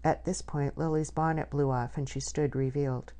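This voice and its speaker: A woman reading a novel aloud in measured, scripted narration. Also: sits low, fairly even intonation, dark tone. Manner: measured storytelling. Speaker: audiobook narrator.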